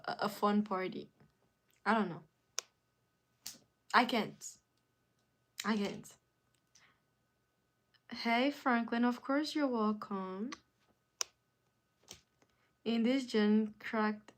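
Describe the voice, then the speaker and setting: A woman's voice: mid-range voice, slow pace, pauses often. A woman hosting a live stream in casual chat, answering viewer comments with emphatic, repeated phrases.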